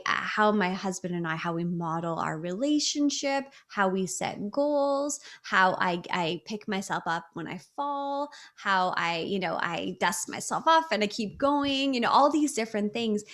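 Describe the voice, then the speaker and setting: A woman's voice: mid-range voice, lively intonation, a little slow, fairly bright tone. A woman in her thirties, an interview guest, talking over a video call in an earnest, reflective storytelling way. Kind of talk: casual interview talk.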